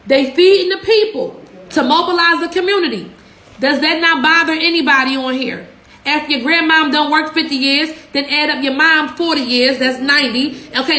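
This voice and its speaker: With a high-pitched, sharp voice, a young Philadelphia woman rants profanely on her livestream, all fired up and throwing out rhetorical questions. She works as a social media business coach, and the room sounds echoey.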